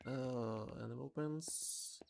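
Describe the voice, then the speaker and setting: Streamer, mid-pitch, halting, reads game text aloud in casual commentary. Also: gravelly, a little mellow, a little hiss or hum. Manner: thinks aloud, halting with repeated words. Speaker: streamer playing a narrative game.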